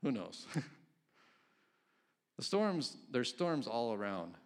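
A man's voice: mid-range voice, big pitch swings, slow pace. A man preaching a casual, conversational sermon, reading scripture aloud and chuckling between points. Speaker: pastor.

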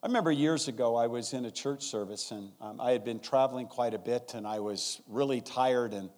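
A man's voice: medium pitch, brisk. A man and guest pastor preaching a sermon in a church service, acting out his stories. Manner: animated storytelling, acting out scenes.

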